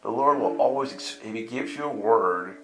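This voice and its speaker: In an echoey room with soft instrumental music below, a man preaches through storytelling in a mid-range voice at normal speed. He's animated, acting out the dialogue and laughing through the tale.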